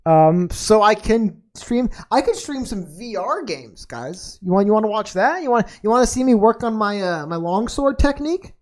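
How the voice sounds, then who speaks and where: A woman's voice: mid-range voice, animated, normal speed, few pauses, a little mellow. A woman hosting a podcast in casual chat, rambling off on tangents with a slangy, laid-back manner and plenty of fillers and restarts. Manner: laid-back and slangy, calling listeners dude and man. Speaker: podcast host.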